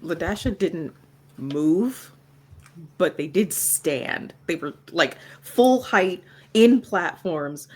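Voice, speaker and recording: A woman describes her character's actions in a tabletop role-play game. She speaks slowly and unhurriedly, in a slightly low voice. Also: animated, darkish tone, breathy edge. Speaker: player. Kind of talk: casual role-play as a player.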